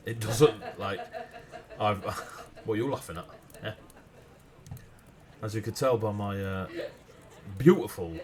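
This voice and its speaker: A man with a Northern English accent, chatting loosely on a livestream while he writes game lore, rambling and losing his thread. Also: on the low side. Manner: rambling, loses his train of thought, self-mocking. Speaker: stream host writing game lore. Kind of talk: casual livestream chat.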